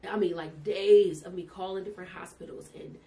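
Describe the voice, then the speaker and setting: Animated woman telling her story. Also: lowish voice, brisk. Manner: animated, emotional, addresses listeners as "y'all" and "baby". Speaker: podcast guest telling her birth story. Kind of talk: casual storytelling to viewers. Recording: distant mic with faint background noise.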